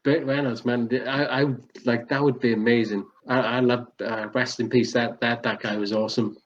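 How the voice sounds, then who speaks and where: A man's voice: medium pitch, steady tone, normal speed, dull audio, a little hiss or hum. A man co-hosting a podcast, chatting casually, rambling and restarting his sentences as he laughs along. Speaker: podcast co-host.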